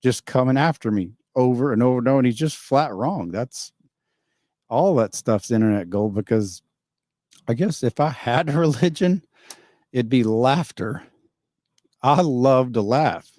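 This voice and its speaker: A man with a mid-range, expressive, slightly mellow voice speaks at a measured pace, recorded clean in a studio with no room sound. He's hosting a casual livestream, reading out viewer comments and answering them in a rambling, opinionated way, chuckling often.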